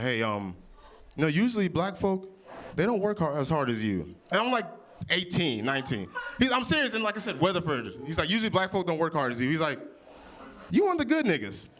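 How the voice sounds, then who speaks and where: A young man from Oklahoma performing improvised stand-up comedy, loud and brash, cursing and teasing the crowd. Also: medium pitch. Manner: loud, brash, playful crowd work with swearing. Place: winery comedy stage before a live audience.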